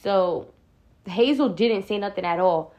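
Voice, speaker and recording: A young woman vlogger telling a storytime in casual slang, often calling viewers y'all and acting out her own lines. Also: unhurried. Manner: animated retelling, acts out her own quoted lines louder and higher.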